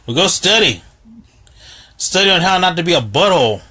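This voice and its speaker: A man with a bright, lively voice hosts a casual live stream on a phone. He swings up and down in pitch while reading viewer comments and trading jokes. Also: moderate pace, low-quality recording. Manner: lively, reads viewer comments aloud, jokey. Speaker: host.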